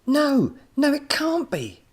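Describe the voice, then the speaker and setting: A man voicing an excitable young boy hero who shouts with breathless urgency in a storybook. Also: high voice, normal speed, husky, voice pushed up, heavily acted. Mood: desperate.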